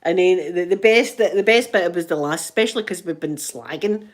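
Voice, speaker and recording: A middle-aged woman with a Glaswegian Scottish accent, telling stories in a lively, casual way and acting out both sides of each conversation. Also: lowish voice, fairly quick. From Scotland. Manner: animated, swears, acts out both sides of conversations. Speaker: ASMR vlogger. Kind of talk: casual storytelling chat.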